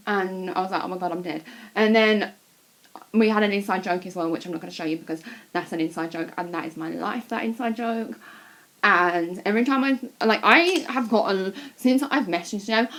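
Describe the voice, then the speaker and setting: Young woman, chatty vlogger, blunt and excitable, swears freely. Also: mid-range voice. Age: young adult. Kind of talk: casual chat to camera.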